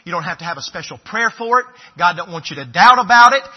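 Male pastor, high breathy voice, pleading then hushed; lo-fi, roomy church recording. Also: expressive, quick pace. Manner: swings from loud pleading to hushed earnest speech. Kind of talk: sermon. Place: church sanctuary. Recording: echoey church hall, dull lo-fi sound.

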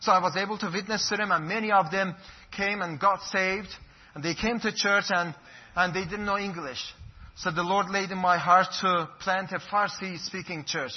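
Man, husky and high, giving a fervent testimony on a dull lo-fi recording. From Iran. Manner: earnest, fervent, preacherly. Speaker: pastor giving his testimony. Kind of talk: impassioned personal testimony.

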